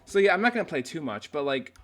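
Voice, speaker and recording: A man's voice: a little high, very animated, fast, a bit bright, slight background noise. A man hosting a casual reaction video who rants, swears often and restarts his sentences a lot. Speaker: video host.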